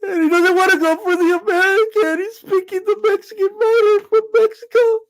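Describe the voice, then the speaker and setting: A man putting on the voice of a shrill, outraged male patriotic fan who rants in a whiny, indignant way. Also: steady tone, fairly quick. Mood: outraged whining.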